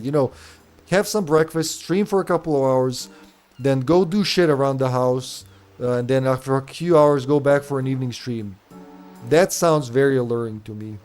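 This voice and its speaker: A man's voice: mid-range voice, a little mellow. A man from Serbia, streaming a retro game in casual, rambling, profane commentary, laughing often.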